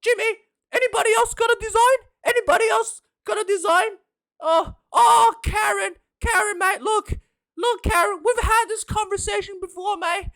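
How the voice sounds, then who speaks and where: A man voicing a gushing, excitable male rugby board official who keeps calling people mate, in a comic vlog impression. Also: moderate pace. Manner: falsetto, gushing, says mate a lot.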